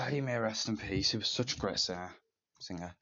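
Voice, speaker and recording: Gravelly and sharp, this fairly low male voice moves at a moderate pace with plenty of animation. He's a film reviewer giving an offhand, wandering rundown of a movie, joining scenes with "and then" and occasionally doing silly character voices briefly. The sound is slightly dull lo-fi.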